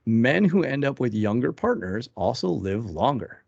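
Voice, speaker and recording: A man's voice: medium pitch, big pitch swings, moderate pace, gravelly, darkish tone, no echo. A man in his thirties co-hosting a casual talk show, reading items from a list and adding joking asides. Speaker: podcast co-host. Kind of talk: casual chat. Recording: dull lo-fi, dry sound.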